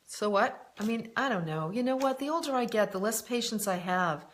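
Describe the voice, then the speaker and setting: A woman life coach talking through viewer questions in a live online stream. She is frank and direct, often names the person she is answering, and fills pauses with "um" and "you know". Her voice sits at an ordinary middle pitch. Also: animated. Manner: candid and direct, addresses viewers by name, frequent "um" and "you know". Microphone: live online broadcast.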